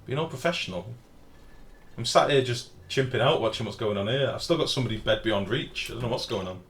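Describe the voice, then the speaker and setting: A man's voice: mid-range voice, fast, slight background noise. A man, streaming a game live and chatting casually while reading out chat messages and swearing freely.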